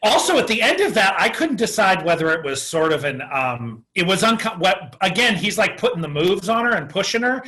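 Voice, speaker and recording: A man chats as a podcast guest in a high, sharp-edged voice. He thinks aloud, often breaking off and restarting his sentences. His tone stays bright and forward. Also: big pitch swings, brisk, hardly any pauses. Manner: thoughtful, restarts sentences while working out ideas. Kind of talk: casual chat.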